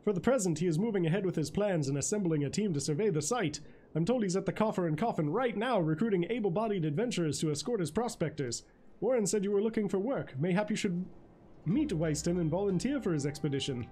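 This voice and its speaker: A man's voice: high-pitched, animated, fast talker, warm tone, breathy edge. A man reading aloud the lines of a genteel, well-spoken male informant in a game, in a florid, formal way. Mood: courtly.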